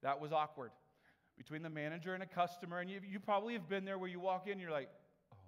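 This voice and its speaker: A man's voice: high voice, fast. Storytelling male preacher in a reverberant hall. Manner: conversational storytelling with animated quoted voices. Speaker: pastor. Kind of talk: sermon. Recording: long reverb of a large hall.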